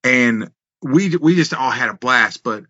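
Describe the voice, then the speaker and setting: Bright-voiced man telling wrestling stories. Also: medium pitch, a little slow, dry recording, dull audio. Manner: animated, laughing, swears freely. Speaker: wrestling guest. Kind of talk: casual storytelling.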